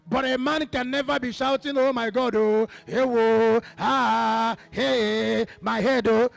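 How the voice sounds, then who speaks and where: High-voiced gravelly Nigerian preacher. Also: male voice. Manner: preaching with calls to the congregation and sudden shouts. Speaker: pastor. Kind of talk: sermon.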